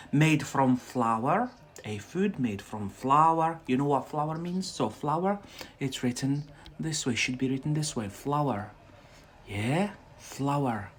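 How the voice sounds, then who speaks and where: Slow-talking Scottish man teaching English. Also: fairly high pitch. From Scotland. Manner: chatty, repeats words slowly for learners. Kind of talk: livestreamed English lesson.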